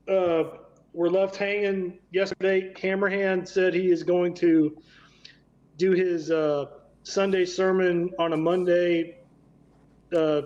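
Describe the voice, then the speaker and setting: A man's voice: high voice, darkish tone, muffled recording. A man hosting a casual live stream chat, blunt and swearing freely on an online call.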